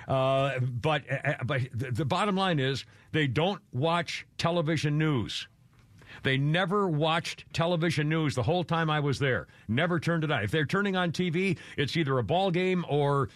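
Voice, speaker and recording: This is a male radio host sitting close to a dry studio mic. His voice sits a little high. He rambles from topic to topic, laughs often and pokes fun at himself while he chats with callers and comments on the news. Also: dry recording. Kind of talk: talk radio chat and commentary.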